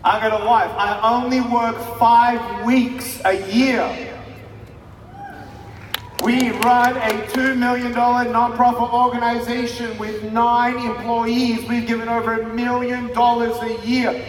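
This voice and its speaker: A man in his thirties delivers a fiery motivational speech, pushing the crowd to shout words back at him. His voice sits very high for a man. He sounds far from the mic in a big hall with a long echo. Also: flat delivery, measured pace. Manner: emphatic, preaching, with call-and-response and shouted lines. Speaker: motivational speaker. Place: large hall with a live audience. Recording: echoey hall, distant mic, crowd noise.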